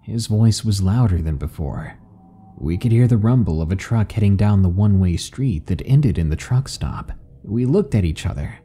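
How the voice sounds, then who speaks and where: A man narrating a horror story in a calm, measured, ominous delivery. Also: lowish voice, husky. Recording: faint background music.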